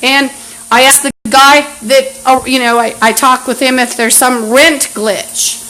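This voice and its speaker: A woman's voice: high voice, steady tone, a little slow, bright, forceful tone, poor audio. A woman talking into a phone on a live stream at home, in an agitated, rambling monologue full of restarts. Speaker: livestreamer. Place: apartment indoors. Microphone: phone camera app. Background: fan and running water.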